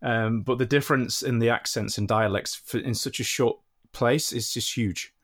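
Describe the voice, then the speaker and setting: A man's voice: mid-range voice, steady tone, normal speed. A man from North Yorkshire with a Yorkshire accent, a guest in a casual podcast chat, easygoing and hesitant with fillers. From North Yorkshire, England.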